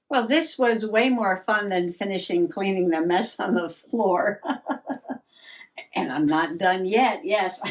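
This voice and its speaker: A woman chatting and giggling as she works on a craft project. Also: medium pitch. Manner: chatty, giggly, talks while working. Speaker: crafting vlogger. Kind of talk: casual crafting chat.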